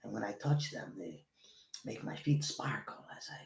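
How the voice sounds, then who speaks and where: A man's voice: on the low side, animated, moderate pace, distant mic. A man doing a whispery sultry Spanish lover. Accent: put-on Spanish. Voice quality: breathy whisper. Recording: roomy echo.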